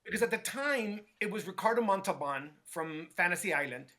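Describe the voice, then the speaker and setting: A middle-aged man with a high, bright voice recounts his past in a relaxed interview. He gets animated, slips into the voices of people he quotes, and keeps tossing "right?" to his listener. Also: brisk. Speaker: guest, hair stylist. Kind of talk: casual storytelling interview.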